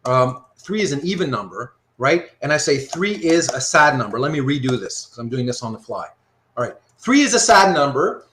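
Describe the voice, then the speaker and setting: A man teaching a live online philosophy class, working through examples out loud and often checking that his students follow. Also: a little high, slight background noise. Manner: animated, thinks aloud with frequent rhetorical checks. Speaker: philosophy lecturer.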